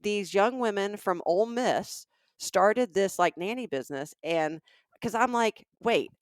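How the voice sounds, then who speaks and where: A woman's voice: mid-range voice, animated, a little slow, no echo, clean studio sound. A middle-aged woman from Alabama co-hosting a casual comedic podcast, telling stories and asking emphatic rhetorical questions. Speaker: podcast co-host.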